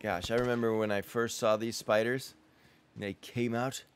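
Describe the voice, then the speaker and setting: A man's voice: medium pitch, flat delivery, normal speed, clear, resonant tone, soft background music. A man giving casual let's-play commentary while he plays a survival game, chatting to himself and to the game's characters and yelping when something startles him. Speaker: gamer playing a survival game.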